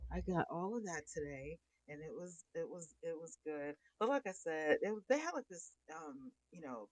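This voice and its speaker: A woman's voice: low-pitched, no room sound, low-quality recording. A middle-aged woman hosting a casual livestream, chatting and greeting viewers by name. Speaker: livestream host.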